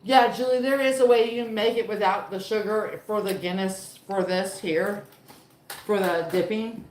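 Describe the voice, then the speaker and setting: A woman's voice: mid-range voice, moderate pace, a little mellow, slight background noise. Chatty woman baking in echoey kitchen. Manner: chatty, easygoing talk to viewers. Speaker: livestream host baking at home. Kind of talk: casual livestream chat. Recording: echoey room.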